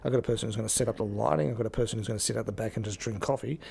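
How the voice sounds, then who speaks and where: A man's voice: on the low side, racing, creaky, darkish tone, breathy edge. A man, co-hosting a podcast in casual, jokey, rambling chat. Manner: jokey, rambling, self-mocking. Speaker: podcast co-host.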